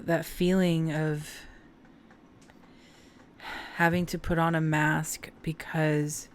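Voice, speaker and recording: Slow, low-voiced emotional tarot reader woman. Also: darkish tone. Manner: heartfelt and emotional, talks straight to viewers. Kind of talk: casual tarot reading to camera.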